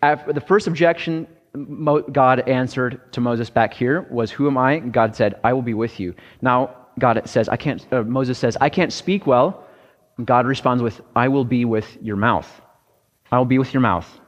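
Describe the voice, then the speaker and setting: A man giving a sermon in a relaxed, conversational way, stumbling into restarts now and then. His voice sits at an ordinary pitch and rings out with a long reverb. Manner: conversational, halting with restarts and fillers. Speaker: pastor.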